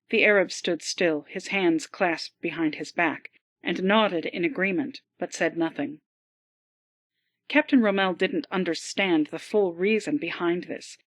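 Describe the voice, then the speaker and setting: A woman narrating an adventure audiobook in a slow, deliberate reading style. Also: lowish voice, no room sound. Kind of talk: scripted narration.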